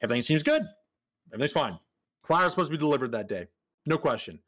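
Animated swearing man telling a story. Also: a little high, rapid-fire. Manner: animated, swears often, acts out quotes. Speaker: podcast co-host. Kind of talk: casual storytelling chat.

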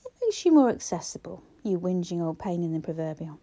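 A quick-witted, sharp-tongued young woman from a novel, full of teasing banter, voiced by the woman narrating. Her tone is mellow and dark rather than bright. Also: on the low side, sing-song. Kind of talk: audiobook character voice.

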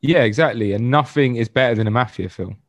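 A man's voice: medium pitch, fast talker, dry recording. A man chatting casually about films with friends on a podcast, laid-back and swearing freely. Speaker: podcast co-host. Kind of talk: casual film chat.

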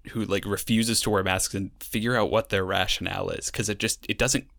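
A young man with a lowish voice, recorded close and dry, chatting on a podcast. He talks in a wry, sarcastic way and rambles easily through his stories. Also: fairly even intonation, a little fast, vocal fry, fairly bright tone, no echo. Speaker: podcast co-host. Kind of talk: casual chat.

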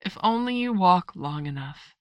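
A woman voicing a sly, grinning Cheshire cat in a slow, drawling storybook voice. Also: lowish voice, lively intonation, no echo, clean studio sound, close to an everyday voice.

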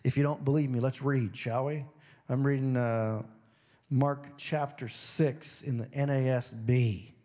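A male pastor preaching a sermon in a conversational way. He drops low and quiet to read scripture, then climbs high and emphatic, often acting out other people's voices. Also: fairly even intonation, measured pace. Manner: swings between low, hushed reading and high, emphatic stretches.

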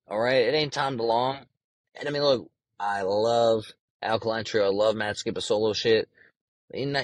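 A man's voice: fairly low pitch, no room sound, rough recording. A young man hosting a casual solo podcast, talking in a brash, profane and rambling way. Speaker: podcast host.

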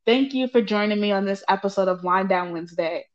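A woman hosting a casual podcast conversation, warmly affirming and chiming in often with encouragement. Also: mid-range voice, a little fast. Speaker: podcast host. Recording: dull lo-fi sound.

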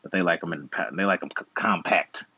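A man's voice: deep voice, a little fast, bright, forceful tone, slightly rough, no echo, dull audio. A man in his twenties, an uncle hosting a channel, chatting casually and playfully with slangy, teasing advice. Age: 20s. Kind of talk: casual chat while gaming.

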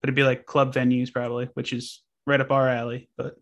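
A man's voice: medium pitch, monotone, brisk, a bit bright. A man co-hosting a music podcast, easygoing in casual chat, often chiming in with short agreeing replies. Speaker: podcast co-host.

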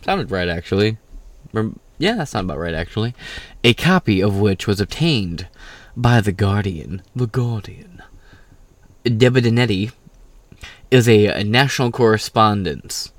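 A man's voice: fairly low pitch, animated, moderate pace, dry recording. A tired man hosting casual political commentary, reading an article aloud with rambling, profane, sarcastic asides.

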